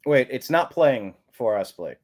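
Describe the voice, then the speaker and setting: A man's voice: medium pitch, sing-song, measured pace, darkish tone. A man co-hosting a political talk show, speaking emphatically with sarcastic jabs and ranting asides. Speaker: co-host. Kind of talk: political commentary chat.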